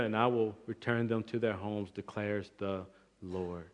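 A man preaching an expository sermon, emphatic, with swings between loud and quiet passages. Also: lowish voice, steady tone, unhurried. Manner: emphatic, rising and falling in volume, restarts words. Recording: long reverb of a large hall.

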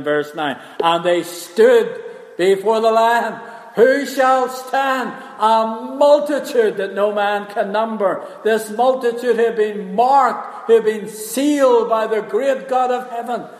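An older man preaching a sermon, emphatic, repeating key phrases and slowing down to stress them. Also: fairly high pitch. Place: church hall. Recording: echoey hall with long reverb.

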